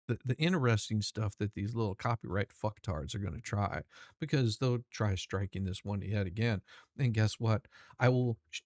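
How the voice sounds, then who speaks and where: On his own channel, a male host reads court documents aloud and ridicules the people named in them, rambling, restarting often, and swearing. His voice sits at a medium pitch, and the recording is dry and clean, with a studio feel.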